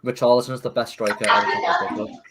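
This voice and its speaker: A man's voice: medium pitch, level tone, rapid-fire, crowd noise. A man with a Scouse accent calling into a stream, arguing about football confidently and casually. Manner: confident, opinionated, swears casually. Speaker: caller, football fan. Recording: noisy voice call.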